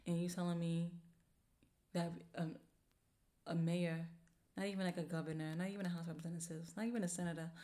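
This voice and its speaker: A woman hosting her own podcast, talking in a casual, slangy, animated way and swearing freely as she rants with exasperation. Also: on the low side. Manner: slangy informal speech. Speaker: podcast host. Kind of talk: casual solo podcast rant.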